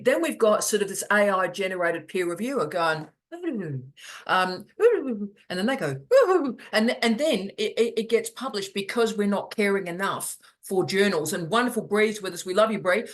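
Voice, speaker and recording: A middle-aged academic hosting online office hours in casual video-call chat, animated and jokey, repeating words for emphasis. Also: mid-range voice, fairly quick, hardly any pauses.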